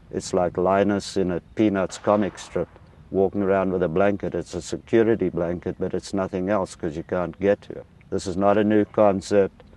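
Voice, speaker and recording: A man with a deep, warm, relaxed tone lays out a firearms lesson. He keeps it plain and emphatic, the way an instructor drills a point home. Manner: matter-of-fact, emphatic teaching. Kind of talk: instructional explanation.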